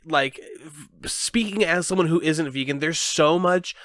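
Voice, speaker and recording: Bright-voiced male podcast host. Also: a little high, a little slow, no room sound, clean studio sound. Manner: hesitant, lots of filler restarts. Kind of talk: casual chat.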